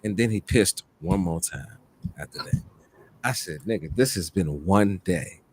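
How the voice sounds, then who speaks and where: Deep-voiced man telling a rowdy story. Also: unhurried, husky. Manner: profane, animated storytelling. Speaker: host. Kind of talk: casual chat.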